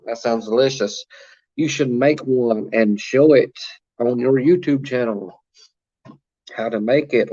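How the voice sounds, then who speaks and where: A man chats casually on a livestream, reading viewer comments aloud and filling pauses with "uh." His voice sits at an ordinary pitch for a man. The audio is dull and lo-fi. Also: a little mellow. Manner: chatty, reads comments aloud, many fillers. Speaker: livestream host reading chat. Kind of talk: casual live-chat talk.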